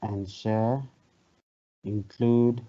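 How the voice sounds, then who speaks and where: A professor leads an online training workshop, lecturing in a conversational, hesitant way and repeating phrases. His voice is fairly low, level and dark, and he speaks very slowly, with dull, lo-fi call audio.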